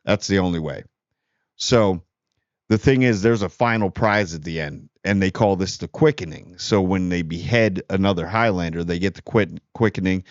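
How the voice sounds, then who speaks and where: A man's voice: low-pitched, moderate pace, dry recording. A man hosting a movie channel, talking casually and rambling, often restarting and correcting himself mid-sentence. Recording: dull lo-fi dry sound.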